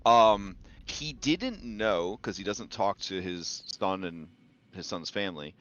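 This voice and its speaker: A man narrating as game master of a tabletop game, relaxed and hedging with many fillers. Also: low-pitched, slow. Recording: dull lo-fi sound with music behind.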